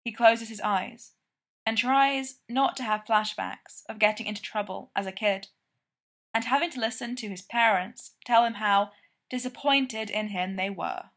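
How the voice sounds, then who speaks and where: A woman's voice: on the high side, unhurried, fairly bright tone. A woman reading fan fiction aloud in a casual, conversational way. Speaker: reader.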